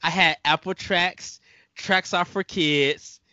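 A man's voice: high-pitched, fairly even intonation, slow, sharp tone, dry recording, muffled recording. A man from Chicago chatting casually, telling stories and acting out songs and his own thoughts. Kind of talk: casual podcast chat.

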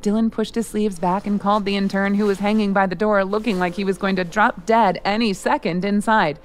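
A woman reading scripted audio drama narration in a steady, even manner. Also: medium pitch, a little fast, soft background music.

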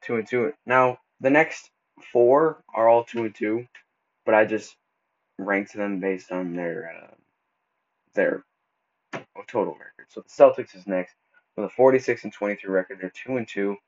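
Casual low-voiced man, lo-fi podcast. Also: measured pace. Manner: casual, stumbles and restarts often; laid-back slang like bro and dude. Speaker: podcast host. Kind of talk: casual solo sports podcast. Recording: dull lo-fi recording.

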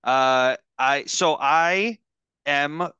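A podcast host chatting casually over a video call, rambling and halting with lots of fillers. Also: male voice, on the high side, sharp tone, clear, resonant tone, no echo, muffled recording. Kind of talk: casual chat.

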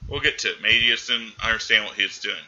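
A man's voice: lowish voice, fast, bright, forceful tone, muffled recording. A man co-hosting a casual podcast, animatedly retelling a film's scenes and acting out its characters' lines. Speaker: podcast co-host. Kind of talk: casual movie recap chat.

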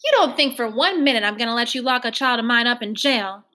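A woman reading a novel aloud, voicing a flustered, breathy, heavyset foster mother who pleads and puffs. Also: fairly high pitch, expressive, fast, pushed and bright. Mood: distressed. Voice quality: breathy, puffing. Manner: pleading, distressed.

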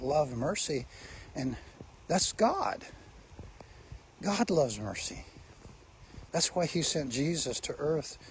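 A man's voice: mid-range voice, slight background noise. A man preaching a sermon, speaking emphatically and asking his listeners rhetorical questions.

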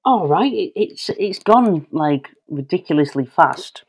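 A man's voice: on the high side, expressive, a little slow, husky, no echo. A man, a comedian guest on a podcast, bantering in a wry, self-deprecating way. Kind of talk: casual chat.

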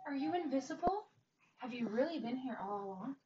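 A woman's voice: lively intonation, fairly quick. A woman reading a storybook aloud, voicing a hopeful, determined little girl in a raised, earnest tone. The recording is distant and dull with faint hiss. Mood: wistful. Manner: earnest, pleading, higher childlike pitch.

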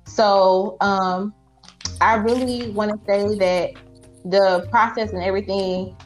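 Animated woman telling her own story. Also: mid-range voice, dull audio. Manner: animated, acts out her own past lines. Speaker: entrepreneur guest. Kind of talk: casual storytelling.

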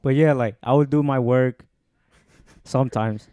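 A man's voice: mid-range voice, fairly even intonation, unhurried, dark tone, clean tone, dry recording. A young man co-hosting a casual podcast chat, telling stories with lots of restarts. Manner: rambling storytelling with restarts. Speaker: podcast co-host.

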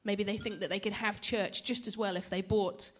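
A young woman gives a church teaching talk in a relaxed, conversational way. She jokes at her own expense and keeps turning questions back to the audience, her voice sitting at an ordinary middle pitch. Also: normal speed. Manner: chatty, self-deprecating, asks the audience questions. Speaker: preacher.

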